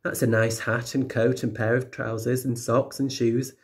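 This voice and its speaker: A man doing a blunt homely burglar guy, rough grammar, middling voice, storybook read. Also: mid-range voice, level tone, moderate pace, lightly acted. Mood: plain. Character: gruff grown-up male burglar, homely and blunt.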